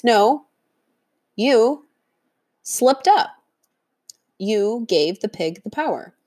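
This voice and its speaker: A woman's voice: medium pitch, darkish tone. Firm, earnest woman coaching on dieting. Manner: earnest, firm and encouraging, acts out inner voices. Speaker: diet coach. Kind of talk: motivational teaching monologue.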